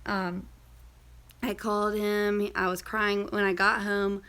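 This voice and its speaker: Chatty woman with a gravelly edge. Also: medium pitch, little pitch movement, slow, sharp tone. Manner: chatty, rambling, many fillers and asides. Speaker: vlogger. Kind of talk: casual storytelling vlog.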